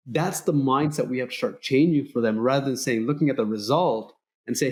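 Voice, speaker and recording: A middle-aged man hosting an interview podcast, speaking in an earnest, motivational way. His voice sits at an ordinary middle pitch, and he brings remembered conversations to life with lively emphasis. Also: brisk, few pauses. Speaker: podcast host.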